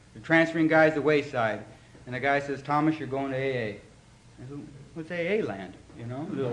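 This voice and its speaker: A man speaking at a podium in a meeting hall, his voice sitting a little high for a man. He tells his story with raw, animated feeling, and the room's echo hangs on every line under a faint hum of background noise. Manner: animated, emotional storytelling with crowd laughter. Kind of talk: personal testimony talk. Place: meeting hall before an audience.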